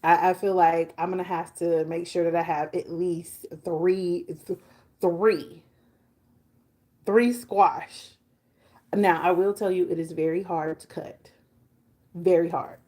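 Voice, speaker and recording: A woman's voice: fairly low pitch, slow, long pauses. A woman in her forties chatting casually and animatedly about hair care and food as a vlogger. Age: 40s. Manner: chatty and animated, talks baby talk to her dog. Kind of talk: casual chat.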